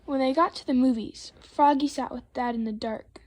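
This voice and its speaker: A woman reading a picture book aloud to children, expressive and playful with the sound words. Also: high-pitched, moderate pace. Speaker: storytime reader.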